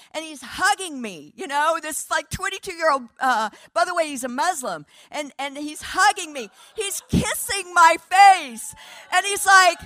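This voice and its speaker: A woman preacher tells a testimony in an animated storytelling sermon, acting out each exchange and laughing between lines. Her voice sits a little high. The sound is dry and close. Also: no room sound. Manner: animated, laughing, quoting dialogue.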